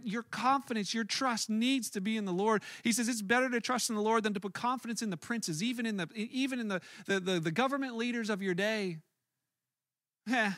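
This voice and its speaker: A pastor gives a sermon in an earnest, conversational way, often stumbling and restarting mid-thought. His voice sits high for a man and sounds bright. The recording is dry, with little room sound. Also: dry recording.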